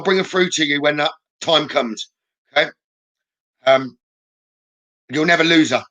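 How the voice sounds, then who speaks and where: Male psychic medium on a live stream, higher bright tone, soft reassuring delivery with hesitant pauses. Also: rough recording. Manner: gentle, reassuring, frequent "okay?" checks.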